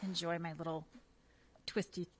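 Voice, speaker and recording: A woman co-hosting a radio show, chatting casually and telling stories in an animated, rambling way full of fillers. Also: lowish voice, moderate pace. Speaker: radio co-host. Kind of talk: casual on-air chat. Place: radio studio.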